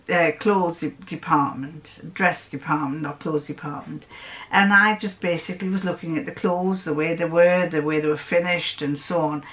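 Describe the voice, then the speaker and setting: A woman's voice: lowish voice, fairly bright tone. An older woman with a Northern English accent, chatting in a casual storytelling sewing vlog and wandering off into anecdotes. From north of England. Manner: rambling, digressive, with frequent restarts and acted-out quotes. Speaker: sewing vlogger.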